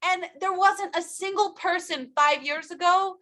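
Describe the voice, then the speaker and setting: Woman w a high bright voice telling her story to a workshop crowd, really emphatic, talks right at you. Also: steady tone, unhurried. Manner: emphatic, addresses audience directly. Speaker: workshop speaker. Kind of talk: motivational personal story talk.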